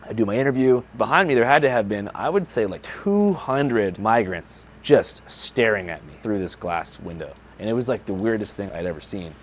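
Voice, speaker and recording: Low-voiced young man telling a story. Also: animated, moderate pace, few pauses, a little hiss or hum. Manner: laid-back, filler-heavy, lots of "like". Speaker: journalist and video creator. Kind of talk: casual storytelling narration.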